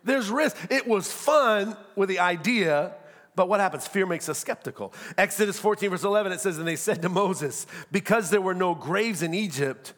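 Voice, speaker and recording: A pastor, preaching a sermon with humor and acted-out asides. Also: male voice, high-pitched, expressive, moderate pace, a bit bright.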